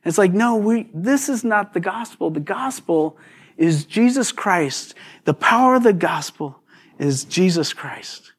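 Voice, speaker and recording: Man, middle-aged, pastor, sermon, animated, lively intonation, slightly high voice. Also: unhurried, breathy edge. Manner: animated, conversational preaching with acted-out quotes.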